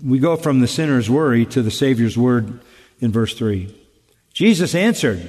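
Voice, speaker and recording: A man preaching an expository sermon, emphatic and deliberate, asking rhetorical questions and repeating key phrases. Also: mid-range voice, animated, darkish tone, in a large hall. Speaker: pastor.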